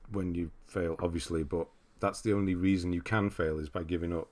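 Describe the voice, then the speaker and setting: Low-voiced man chatting on a livestream. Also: steady tone, brisk, darkish tone. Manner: rambling, reads viewer comments aloud and answers them. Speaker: livestream host. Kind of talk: casual livestream chat.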